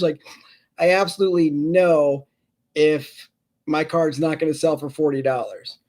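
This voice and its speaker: A man's voice: fairly high pitch, normal speed, darkish tone. A man hosting a casual live stream about sports cards, rambling and self-deprecating as he talks to viewers in the chat by name.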